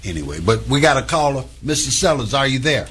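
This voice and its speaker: A man's voice: mid-range voice, sing-song, quick pace, a bit bright, husky. A man hosting a call-in radio talk show, speaking in an easygoing, slangy way and repeating words as he searches for them.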